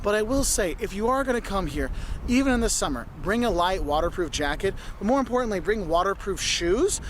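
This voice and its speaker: A man with a high voice for a man talks outdoors in a city. He gives travel advice patiently and repeats his points to make them stick. Faint traffic hums behind him. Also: expressive, fairly quick. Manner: instructive, repeats points, checks with "okay?". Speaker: travel vlogger.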